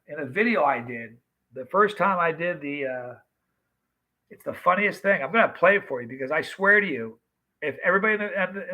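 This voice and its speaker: A man in his fifties runs a casual livestream, rambling through stories and calling out viewers by name. His voice sits a touch high and carries a bright, forceful edge. He talks to the chat like old friends. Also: rough recording. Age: 50s. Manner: chatty, greets viewers by name. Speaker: livestream host.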